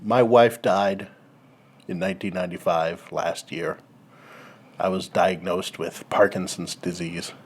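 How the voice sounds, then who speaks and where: A man co-hosting a comedy podcast, rambling as he pitches a movie plot and acts out its lines. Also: steady tone, breathy edge. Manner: rambling, acts out lines in quick put-on voices. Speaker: podcast co-host. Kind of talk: casual comedy chat.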